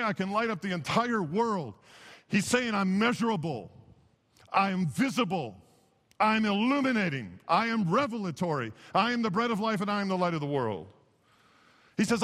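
A man preaching a sermon as pastor, impassioned, swinging from hushed lines to emphatic ones. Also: sits high, in a large hall. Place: church sanctuary.

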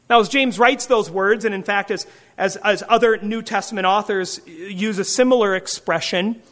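A preacher giving an expository sermon, asking slow rhetorical questions and leaning hard on key words, often repeating and restarting phrases. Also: medium pitch, a bit bright. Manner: frequent word repeats and restarts.

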